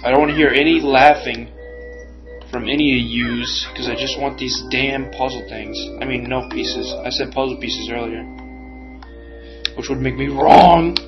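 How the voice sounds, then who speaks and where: A man's voice: medium pitch, steady tone, moderate pace. A young man giving casual commentary as he plays a video game, frustrated and cursing at the enemies on screen. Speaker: let's play gamer. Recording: dull lo-fi recording. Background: game music.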